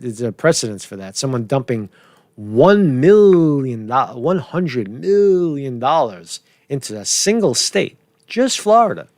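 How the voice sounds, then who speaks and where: A man's voice: medium pitch, creaky, dry recording, clean studio sound. A man rambling through political commentary in a casual vlog, swearing, chuckling and restarting his sentences while he keeps asking "right?".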